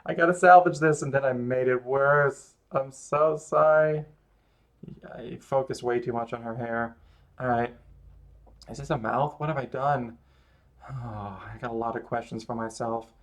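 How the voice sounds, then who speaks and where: A man's voice: mid-range voice, fairly even intonation, normal speed. Rambling, self-mocking male streamer. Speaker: streamer drawing live. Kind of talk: casual chat while drawing.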